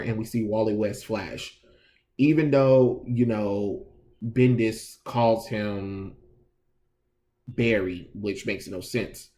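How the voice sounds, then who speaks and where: A man's voice: lowish voice, dark tone. A man giving a casual, exasperated review of a comic book, sarcastic, slangy and full of restarts.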